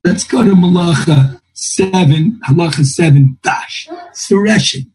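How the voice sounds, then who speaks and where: A man's voice: a little high, slow, darkish tone, slight background noise, poor audio. A man teaching a Talmud class, thinking aloud and quoting texts in a lilting singsong. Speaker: Torah teacher.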